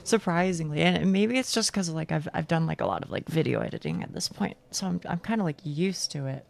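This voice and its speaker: A woman streamer with a gruff, gravelly voice chatting casually while gaming, rambling and cutting herself off. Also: on the low side, lively intonation, brisk. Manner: rambling, self-interrupting, laughs often.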